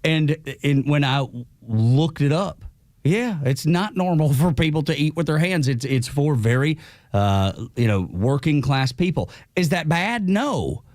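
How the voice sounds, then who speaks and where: A man co-hosting a morning radio show, talking in an animated, opinionated way. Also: fairly high pitch, measured pace, no echo, clean studio sound. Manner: animated, opinionated, repeats himself. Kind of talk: casual radio banter. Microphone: studio mic.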